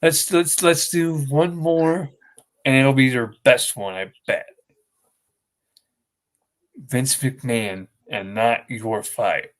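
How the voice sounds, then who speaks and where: A man's voice: medium pitch, slow, pauses often. Teasing man running a casual podcast. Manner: teasing, directing the game. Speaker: podcast co-host. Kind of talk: casual chat.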